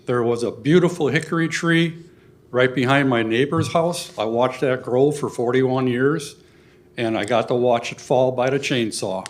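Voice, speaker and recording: An older man giving a public comment at a city meeting, earnest and halting, getting emotional at times. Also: medium pitch. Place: city council chamber.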